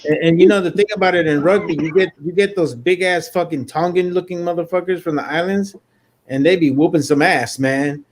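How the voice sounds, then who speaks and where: An American man in casual podcast chat, telling profane, animated war stories and jokes. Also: on the high side, a little fast, a little hiss or hum. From United States. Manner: profane, animated storytelling with loud impressions. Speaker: podcast co-host, military veteran.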